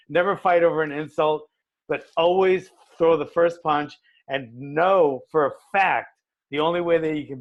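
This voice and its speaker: A man's voice: fairly high pitch, muffled recording. A man appearing as a guest self-defense instructor, giving blunt, emphatic opinions and swearing casually.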